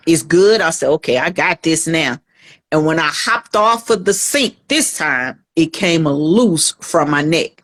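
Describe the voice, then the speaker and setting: A woman's voice: on the low side, a bit bright. Podcast guest, a woman, earnest storytelling, acts out the voices in her tale. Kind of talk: personal testimony in a podcast interview.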